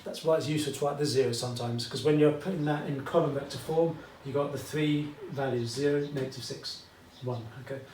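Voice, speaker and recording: A man's voice: mid-range voice, steady tone, fairly quick, hardly any pauses, a little mellow, distant mic, slight background noise. Chatty British man teaching maths, echoey room. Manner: chatty, asks "okay?" often, asides to viewers. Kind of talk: whiteboard maths lesson. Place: classroom with whiteboard.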